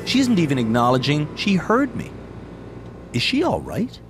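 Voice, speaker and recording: A man's voice: a little high, wildly swooping pitch, moderate pace. A man narrating a reality show in a scripted voice-over with dramatic delivery. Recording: music bed behind.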